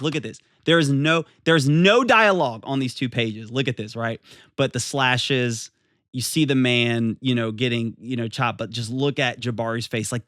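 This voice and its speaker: A man reviewing a manga in a casual, excitable way, stumbling over restarts and fillers as he goes. His voice sits at an ordinary middle pitch. The sound is dry and close, with no room echo. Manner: enthusiastic, rambling with many fillers and restarts.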